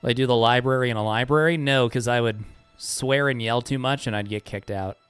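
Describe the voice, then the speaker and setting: A man's voice: medium pitch, a little fast, fairly bright tone, smooth, dry recording, faint music behind. A man chatting casually with his live-stream chat while speedrunning a game, joking sarcastically and swearing freely.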